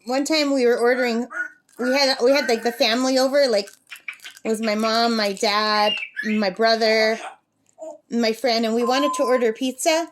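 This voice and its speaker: Chatty middle-aged woman vlogging at a campsite, slightly high voice, faint background noise. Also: steady tone, moderate pace. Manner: chatty, reads out number codes, coos at her parrot. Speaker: craft vlogger. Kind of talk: casual chat while crafting.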